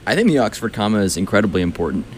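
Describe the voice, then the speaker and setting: Deep-voiced young man, fast and dry. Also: animated, a little hiss or hum. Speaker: college radio co-host. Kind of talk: casual radio chat. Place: college radio studio.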